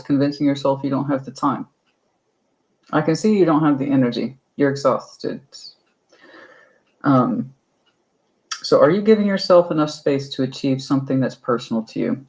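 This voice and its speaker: A woman's voice: low voice, darkish tone, low-quality recording. A woman giving a tarot card reading in a chatty way, repeating her points and calling the listener honey. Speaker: tarot reader.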